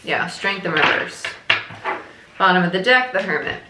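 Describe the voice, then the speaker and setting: A woman with a lowish, animated voice at normal speed gives a casual tarot reading while chewing gum. She's chatty and repeats herself, often saying "like" and "right?", in an echoey room with a noisy background.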